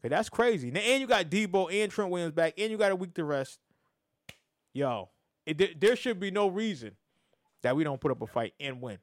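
Animated man, casual sports chat. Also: a little high, dry recording, clean studio sound. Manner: animated, swings loud and soft, stammers and restarts. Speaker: podcast host.

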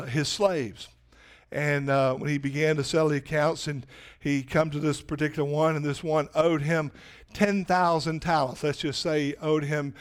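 High-voiced preacher asking the crowd questions. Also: male voice. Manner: conversational preaching with rhetorical questions. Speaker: pastor. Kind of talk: sermon.

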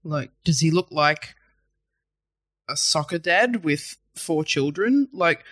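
A man co-hosting a casual film chat, animated and repeating words as he thinks. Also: a little high, slow, no room sound, studio quality. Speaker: podcast co-host.

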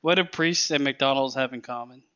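A man with a bright, forceful voice rattles off crude one-liners and giggles between them. He is heard over a dull, lo-fi recording. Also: medium pitch, clear, resonant tone. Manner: giggly, swearing, rapid-fire joke teller. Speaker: podcast co-host. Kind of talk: casual chat. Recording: dull lo-fi sound.

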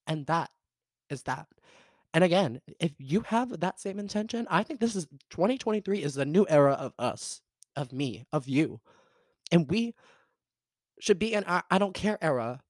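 A young man in his twenties with a Southern US accent hosts a casual solo podcast, rambling in an upbeat way with lots of fillers, laughs and theatrical jumps in pitch. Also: animated, normal speed, no echo. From American South. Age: 20s. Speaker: podcast host.

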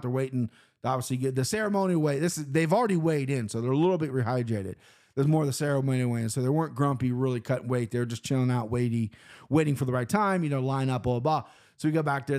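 A man's voice: mid-range voice, a little mellow. Rambling, profane man from Cincinnati. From Cincinnati, Ohio, US. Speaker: vlogger. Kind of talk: casual storytelling recap.

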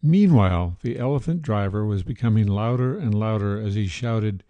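A man narrates an old tale for his podcast in a calm, measured way. His voice sits low and is very dark and mellow, recorded dry and close with no room sound. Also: no echo, lo-fi sound. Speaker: podcast host and storyteller. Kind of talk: scripted story narration.

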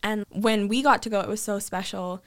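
A young woman, a guest, telling a family story in casual conversation, acting out quotes with lively jumps in her voice. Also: normal speed, clean tone. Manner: animated, acts out quotes with big pitch jumps.

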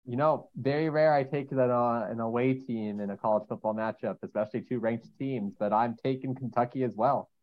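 A man on a casual sports podcast, talking through his picks in a measured way over a call. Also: medium pitch, dull audio, a little hiss or hum. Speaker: panelist.

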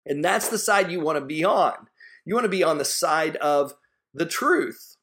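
A man's voice: fairly high pitch, expressive, normal speed, fairly bright tone. A man preaching a sermon, earnest and emphatic, driving points home with repetition. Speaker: pastor.

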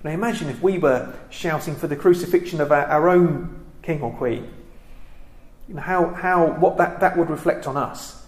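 A man giving a reflective Bible study talk, pausing often with ums and restarting his sentences. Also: fairly high pitch, reverberant. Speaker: Bible teacher.

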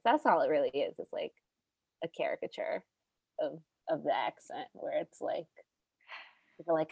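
Low-voiced woman, subtle Baltimore accent. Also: normal speed, gravelly, no echo. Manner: chatty, relaxed storytelling. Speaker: guest. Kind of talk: casual interview chat.

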